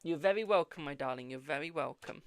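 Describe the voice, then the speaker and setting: British tarot streamer, gravelly, talkative and cheeky, swears, calls everyone darling. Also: medium pitch, fast talker, slight background noise. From United Kingdom. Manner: chatty, swears freely, calls viewers "my darling". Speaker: tarot reader hosting a live stream. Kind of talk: casual live-stream card reading.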